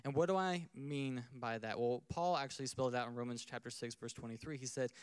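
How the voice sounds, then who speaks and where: A man's voice: mid-range voice, fast talker, hardly any pauses, smooth, dry recording. A man preaching a sermon in a conversational way, acting out little scenes and asking the crowd questions. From United States. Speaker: pastor.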